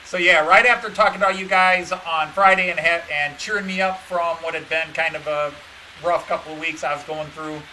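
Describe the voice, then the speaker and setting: Male hobbyist, casual stream chat, meandering and self-critical, bright, slightly high voice. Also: fairly even intonation, fairly quick, a little hiss or hum, poor audio. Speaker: model train hobbyist streaming to viewers.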